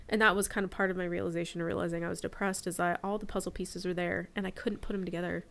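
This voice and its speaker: A woman's voice: on the low side, little pitch movement, quick pace, vocal fry, hardly any pauses, a bit bright. Candid woman in her forties, reflective. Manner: candid, reflective personal storytelling. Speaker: podcast guest. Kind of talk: casual podcast chat.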